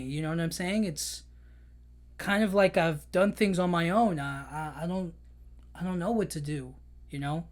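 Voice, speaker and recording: A man's voice: a little high, normal speed. A man hosting a podcast, recapping a film in an emotional, chatty way with lots of "you know". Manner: emotional storytelling, many fillers like "you know". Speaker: podcast host. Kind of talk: casual movie recap.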